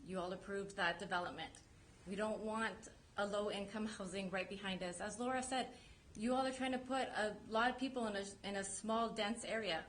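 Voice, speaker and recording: A woman's voice: mid-range voice, a bit bright, a little hiss or hum. A woman giving public comment at a city council meeting, earnest and direct as she presses her concerns.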